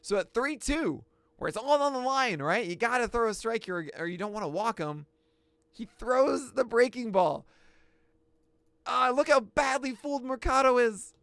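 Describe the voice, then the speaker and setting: A man hosting a pitching analysis, talking through each pitch with excitable outbursts. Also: moderate pace, vocal fry, no echo. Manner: excitable, bursts into shouts and laughs. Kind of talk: excited play-by-play pitch breakdown.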